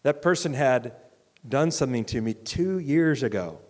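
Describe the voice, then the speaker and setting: A man preaching a sermon as pastor, earnest and conversational, swinging from loud urging to quiet reflection. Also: mid-range voice, lively intonation, moderate pace. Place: church hall. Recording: long reverb of a large church hall.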